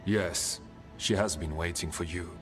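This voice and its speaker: An actor playing a solemn, terse male dwarf guide who speaks in a formal, measured, ominous way. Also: sits low, steady tone, soft background music.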